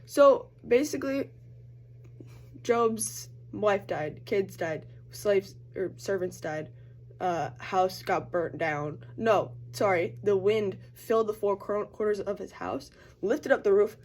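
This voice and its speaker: Chatty young woman with a gravelly edge. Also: mid-range voice, darkish tone, a little hiss or hum. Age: young adult. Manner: chatty, uses "like" constantly, acts out quoted voices. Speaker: college student vlogger. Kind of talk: casual get-ready-with-me chat.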